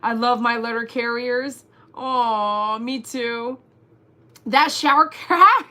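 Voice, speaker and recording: Woman, livestream host, bright voice, fairly high, animated, reads chat aloud. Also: takes it slowly. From Texas. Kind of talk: casual livestream chat reading comments.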